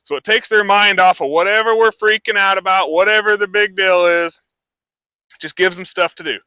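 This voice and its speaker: An easygoing male horse trainer talks a live crowd through his work, loose and chatty. His voice is very bright and a little higher than most men's, with a dry, close sound. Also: steady tone, normal speed, clear, resonant tone, no room sound. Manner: casual, rambling explanation with many fillers.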